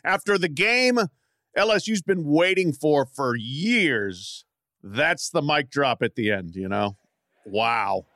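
Bright lively guy cohosting sports chat, dry close sound. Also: a little high, takes it slowly, no echo. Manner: lively, laughing, emphatic. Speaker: podcast co-host. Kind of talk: casual sports podcast chat.

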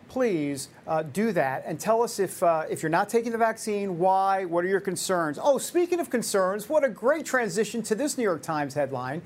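A man hosting a talk show, animated and jokey, with mock-outraged asides and playful repetition. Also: high-pitched, moderate pace, few pauses. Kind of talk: energetic talk radio hosting.

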